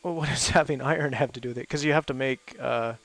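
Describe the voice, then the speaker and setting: Gravelly-voiced man chatting while gaming. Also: medium pitch, fast talker, fairly bright tone, dry recording. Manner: chatty and easygoing, laughs often; thinks aloud with fillers. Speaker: gaming host playing with friends. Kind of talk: casual chat while gaming.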